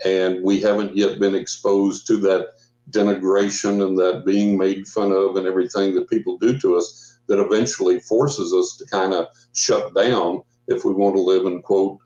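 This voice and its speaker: A man's voice: deep voice, mellow, reverberant, lo-fi sound. A man in his sixties, a guest psychic, telling a long story in a casual rambling way with restarts and quoted dialogue.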